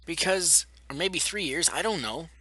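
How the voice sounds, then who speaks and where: A man's voice: a little high, expressive, normal speed, sharp tone, slightly rough, dry recording. A young man delivering a blunt, profane, sarcastic rant to camera as a vlogger, often mocking the people he argues against. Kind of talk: ranting commentary to camera.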